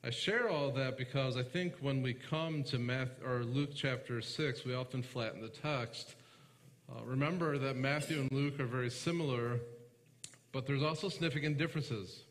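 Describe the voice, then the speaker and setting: A man preaching a sermon as pastor, talking with the congregation and asking them questions, slowing down when reading scripture and often clearing his throat. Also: medium pitch, long reverb tail. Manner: conversational, asks the congregation questions; slows down to read scripture aloud.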